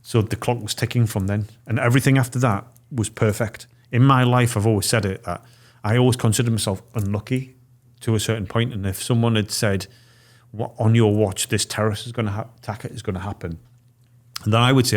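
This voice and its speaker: A man in his forties with a low voice tells a story in a casual podcast chat. He lays it out step by step and drops into the voices of the people he meets as he quotes them. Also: fairly even intonation, fairly quick. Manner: vivid storyteller, acting out quoted dialogue. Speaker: podcast guest.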